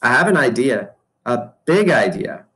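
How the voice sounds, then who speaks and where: A man's voice: medium pitch, big pitch swings, measured pace, fairly bright tone. A man reading aloud voices an earnest young girl who talks in an eager, pleading way.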